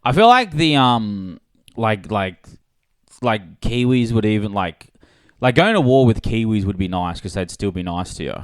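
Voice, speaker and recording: A man's voice: on the low side, moderate pace, smooth, no room sound. A young Australian man riffs through a casual podcast chat, his voice leaping up and down as he tells sweary stories. The sound is close and dry, with no room around it. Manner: animated, swearing storyteller who slips into exaggerated voices. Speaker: podcast co-host. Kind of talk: casual banter.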